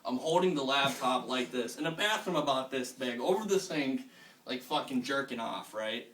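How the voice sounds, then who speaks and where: Young man, animated crude stand-up, roomy. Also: mid-range voice, normal speed. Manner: crude, rambling, laughing at his own jokes. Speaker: stand-up comedian. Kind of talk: amateur stand-up set. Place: room at home. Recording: echoey room, camera far off, noisy.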